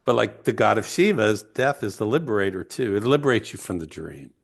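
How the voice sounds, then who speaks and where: A man from the United States, a guest author, telling heartfelt stories slowly and reflectively in an interview. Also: on the low side, animated, vocal fry. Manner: heartfelt, emotional, slow and searching.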